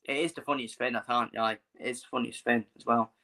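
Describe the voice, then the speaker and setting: During a live football watchalong, a man comments casually, chatting loosely, repeating his points, and swearing bluntly. His mid-range voice is bright and forceful with a tense edge, fairly even in intonation and fairly quick.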